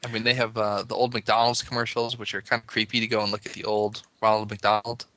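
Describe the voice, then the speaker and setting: Chatty podcast host man, bright voice. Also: fairly low pitch, level tone, fast talker, dry recording. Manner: chatty, rambling, laughs often. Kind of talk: casual chat.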